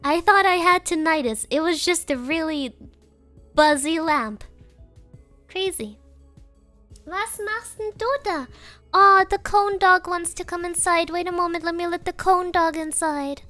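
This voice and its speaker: A woman's voice: extremely high pitch, a little slow, sharp tone, no room sound, faint music behind. A young woman chatting casually on a stream, giggling often and coaxing her dog.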